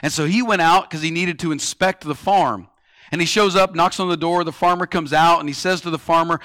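A man in his thirties preaching a sermon, telling stories and swinging between loud, pressing lines and hushed ones. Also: fairly high pitch, brisk, no echo, studio quality. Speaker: pastor.

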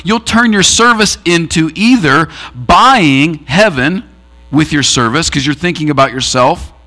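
Earnest preacher man, fairly high voice. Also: a bit bright. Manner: earnest preaching, tells a parable with quoted voices. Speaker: pastor. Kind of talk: sermon.

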